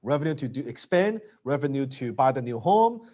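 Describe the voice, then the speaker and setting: Man coaching sales, animated. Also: medium pitch, a little fast. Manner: animated, acts out lines of dialogue. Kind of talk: coaching talk on closing sales.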